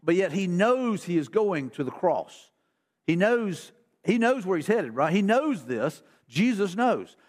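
A man's voice: sits high, sing-song, a little slow. A man preaching a casual, conversational sermon as pastor in a church, with folksy repetitions and restarts. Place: church sanctuary.

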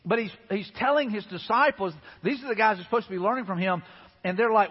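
A man's voice: sits high, quick pace, husky, big-room sound, dull audio. A man preaching a sermon as a pastor, talking to the congregation in a loose, conversational way with repeated asides. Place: church sanctuary.

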